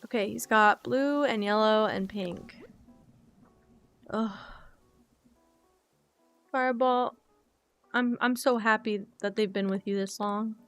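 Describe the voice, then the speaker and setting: A woman's voice: medium pitch, fairly even intonation, slow pace, long pauses, a bit bright, smooth, soft background music. Chatty, emotional woman streamer. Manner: emotional, chatty, talks to viewers by name. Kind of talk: casual chat while playing a game.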